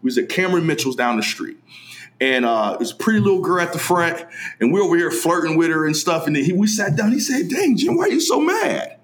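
Guy cohosting a podcast, fairly high voice, swoops all over, acts out little stories. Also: fast talker. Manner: animated, emphatic storytelling with quoted dialogue. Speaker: podcast co-host. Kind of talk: casual podcast chat.

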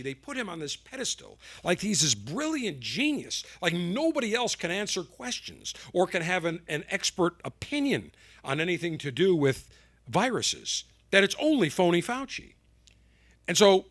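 A man's voice: fairly high pitch, fairly bright tone, no echo, clean studio sound. A man hosting a talk radio show, delivering an opinionated monologue in a combative, sarcastic, mocking way.

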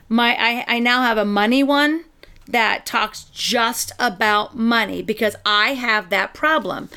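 Middle-aged woman co-host, smooth and clear, chatty, reads lines briskly. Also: a little high, sharp tone. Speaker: speaker and podcast co-host. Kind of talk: casual conversation and reading aloud.

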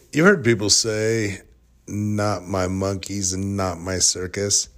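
Man, podcast host, lowish voice, rambling, joking at his own expense. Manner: rambling, jokey, self-deprecating. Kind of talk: casual storytelling monologue.

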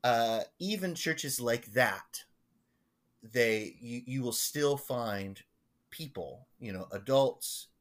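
A male pastor chatting on a podcast, telling a story in a loose, rambling way. His voice sits at a mid pitch, and he often stops and restarts his sentences as he goes. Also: animated. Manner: rambling, halting, many restarts. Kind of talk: casual storytelling chat.

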